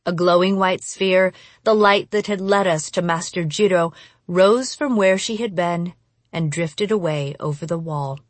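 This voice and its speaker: Woman, audiobook narrator, first-person, measured and expressive, slow, dry close sound. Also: on the low side, no echo.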